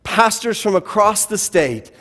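A man's voice: sits high, lively intonation, measured pace, pushed and bright. A man preaching a sermon as pastor, telling a personal story with wry, self-deprecating humor. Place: church sanctuary. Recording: long church-hall reverb.

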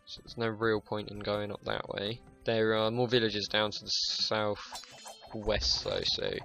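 A man's voice: lowish voice, expressive, a little slow, creaky, bright, forceful tone, soft background music. A young man giving casual, sweary gameplay commentary, joking and muttering to himself. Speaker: gaming YouTuber.

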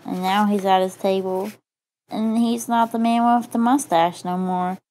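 A woman improvising a silly story from pictures, playful, crude and deadpan. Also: medium pitch, measured pace.

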